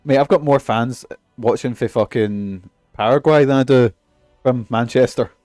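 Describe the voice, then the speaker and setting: A man's voice: mid-range voice, moderate pace, darkish tone, no echo, soft background music. Scottish male streamer: profane, jokey, rambling, dry close mic. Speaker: game streamer. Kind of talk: casual game commentary.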